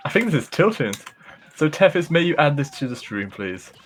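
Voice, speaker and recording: A man's voice: a little high, sing-song, a little fast, slight background noise. A man casually commentating a live speedrun race, joking and chatty with frequent laughs.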